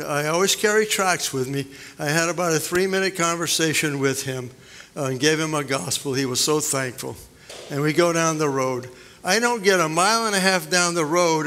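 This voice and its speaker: A man's voice: on the high side, bright, forceful tone. A man preaching as a pastor, praying and then telling a folksy story with many fillers. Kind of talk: sermon with prayer and personal story. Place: church. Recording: long church hall reverb.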